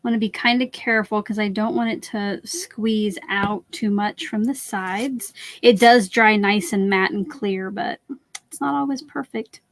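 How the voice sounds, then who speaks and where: A woman's voice: mid-range voice, steady tone, a little slow. A woman hosting a live crafting stream who stands while she works and chats to viewers as she walks them through each step. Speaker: crafting channel host.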